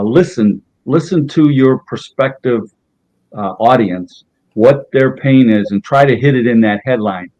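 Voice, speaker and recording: A man's voice: mid-range voice, a little mellow. Man on muffled lo-fi audio. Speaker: panelist. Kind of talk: casual chat.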